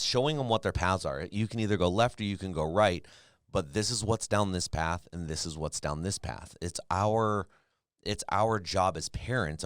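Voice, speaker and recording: A man's voice: sits low, clear, resonant tone, dry recording, clean studio sound. A man co-hosting a podcast, talking casually and earnestly about parenting, often restarting his sentences. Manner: earnest, restarts and repeats himself, advice-giving. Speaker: podcast co-host.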